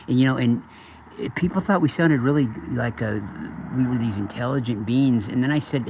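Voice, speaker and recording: A man's voice: medium pitch, moderate pace, darkish tone, slight background noise. A man hosting his own channel, telling a long rambling story in a casual, profane, digressive way. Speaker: channel host.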